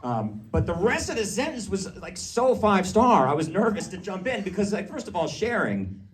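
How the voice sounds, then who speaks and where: Guy doing stand-up, really lively up and down delivery, audience laughing a lot, sounds a bit far off. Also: high-pitched, a little hiss or hum. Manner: lively, animated storytelling with quick asides. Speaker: stand-up comedian. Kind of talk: stand-up comedy set. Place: small live comedy venue. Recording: distant live room recording with crowd.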